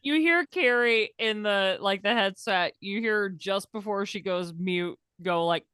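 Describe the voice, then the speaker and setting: A woman's voice: medium pitch, unhurried, a bit bright, clear, resonant tone, no echo, studio quality. A woman player in a tabletop game, talking loosely and swearing casually. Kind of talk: casual chat.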